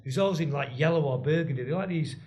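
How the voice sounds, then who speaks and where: A man's voice: on the high side, quick pace, a little mellow, a little hiss or hum. A man, a guest telling rambling stories full of restarts and asides in casual chat. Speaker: guest, former band drummer.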